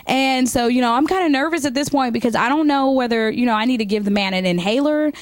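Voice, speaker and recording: A woman in her thirties telling comic stories to camera in a chatty, animated way with lots of fillers. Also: fairly high pitch, fast talker, no room sound. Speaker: comedian. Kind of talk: stand-up comedy monologue to camera.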